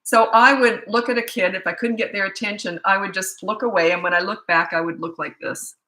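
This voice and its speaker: A woman's voice: medium pitch, fairly even intonation, fairly quick, pushed and bright. A middle-aged woman, a parenting coach answering viewer questions in a rambling, chatty way that often restarts mid-sentence. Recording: roomy echoey room.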